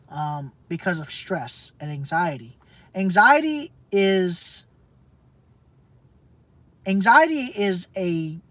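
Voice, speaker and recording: A woman vlogger in an emotional, emphatic rant to her camera, repeating herself, swearing and stumbling over fillers. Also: deep voice. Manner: emphatic, repetitive, profane, halting with fillers. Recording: dull lo-fi dry sound.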